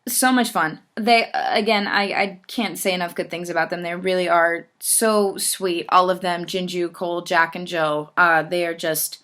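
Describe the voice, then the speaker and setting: A woman's voice: fairly low pitch, fairly even intonation, normal speed, few pauses, a bit bright. A woman singer answering fan questions in a casual chat, effusive and enthusiastic.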